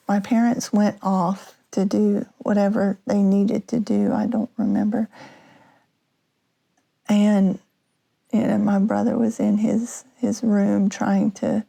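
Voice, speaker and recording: A woman podcast host telling a personal story, halting with many restarts and fillers. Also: mid-range voice, creaky, warm tone.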